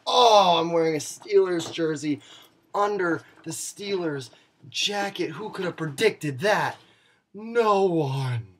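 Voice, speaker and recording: A man's voice: fairly high pitch, a little slow, fairly bright tone, breathy edge. A young man in a profane, mock-angry comedic rant to camera, playing a league commissioner who insults his fellow video makers with sarcasm.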